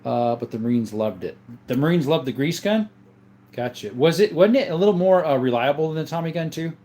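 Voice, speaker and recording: A man's voice: a little high, a little fast. Laid-back man hosting a livestream. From Southern Arizona. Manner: relaxed, reads viewer comments aloud and answers them. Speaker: livestream host. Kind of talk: casual livestream chat.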